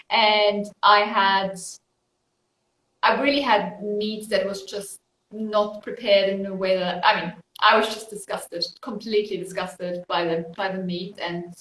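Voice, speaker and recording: Slow, laughing woman on a call. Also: medium pitch, a bit bright. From Austria. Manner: laughs often, chatty and unhurried. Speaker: guest. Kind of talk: casual interview chat. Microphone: video call. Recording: roomy echo.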